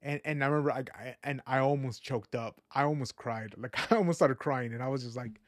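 A man's voice: medium pitch, brisk, no room sound, studio quality. A man hosting a podcast, talking in an earnest, rambling, reflective way, full of "you know" and "like". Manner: reflective and faith-minded. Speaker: podcast host. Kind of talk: casual personal podcast monologue.

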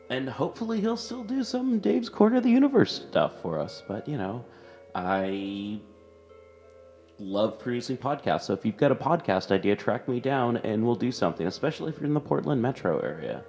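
Podcast host dude, gravelly low voice, casual rambling announcements, faint music behind. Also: male voice, very animated, normal speed, a little mellow, in a large hall. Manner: loose and chatty, with fillers.

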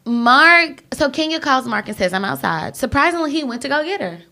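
A woman's voice: sits high, expressive, fairly quick, gravelly, sharp tone. A woman animatedly retelling reality TV drama in casual chat, swearing freely and slipping into slangy voices for the people she recaps. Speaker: podcast co-host recapping reality TV.

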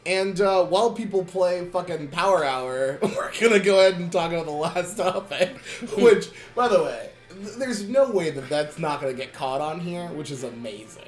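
A young man hosting a loose, casual podcast, with a fairly high voice that rises and falls a lot. He swears freely, laughs often and keeps restarting his sentences. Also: lively intonation, moderate pace, few pauses, roomy sound, soft background music. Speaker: podcast host. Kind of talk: casual chat.

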